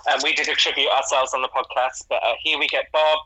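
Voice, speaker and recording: A man's voice: medium pitch, little pitch movement, fast, bright, forceful tone, dry recording, rough recording. A man co-hosting a podcast in casual chat, chatty and jokey with casual swearing. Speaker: podcast co-host.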